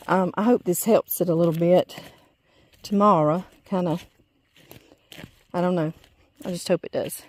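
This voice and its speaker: A middle-aged woman with a Louisiana Southern accent films a casual walking vlog on her phone, starting outdoors in a pasture and ending on a porch. She chats folksily and laughs often. Her lowish voice is steady and a little slow, with long pauses and a darkish tone.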